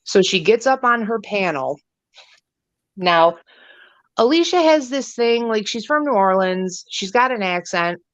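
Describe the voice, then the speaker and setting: A woman co-hosting a livestream chat show, telling gossip in a profane, animated way. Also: mid-range voice, unhurried, dry recording. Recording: dull lo-fi stream audio.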